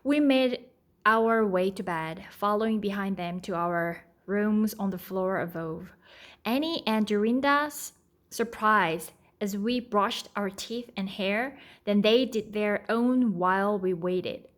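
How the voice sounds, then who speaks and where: A woman, a native Korean speaker, reading a children's book aloud at an unhurried pace, stopping to explain and sometimes stumbling. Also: mid-range voice. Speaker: read-aloud tutor. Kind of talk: storybook read-aloud with explanations.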